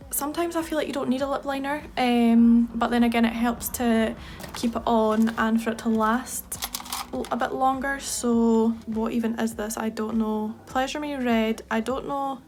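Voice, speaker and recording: Chatty Scottish woman, fairly high voice. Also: a little mellow, slight background noise. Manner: chatty and enthusiastic, gushing. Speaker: makeup artist. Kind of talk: casual makeup tutorial chat.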